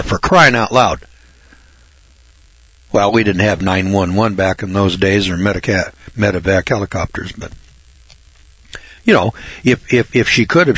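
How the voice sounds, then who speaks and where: A man's voice: on the low side, lively intonation, a little slow, long pauses, a bit bright, husky, dry recording. An older man from Northern California, a reporter, telling a folksy personal story and repeating words for emphasis. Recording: dull lo-fi recording.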